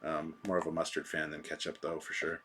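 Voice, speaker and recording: A man's voice: a bass voice, completely flat delivery, fairly quick, bright, forceful tone, a little hiss or hum. A man hosting a live stream, chatting casually and rambling through viewer comments with a self-deprecating manner.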